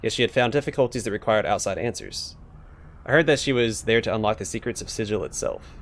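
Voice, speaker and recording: A man's voice: on the low side, big pitch swings, fast, a little hiss or hum. A man voicing a languid, bored talking skull of a pleasure-seeker, in a sultry, languorous manner. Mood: storytelling.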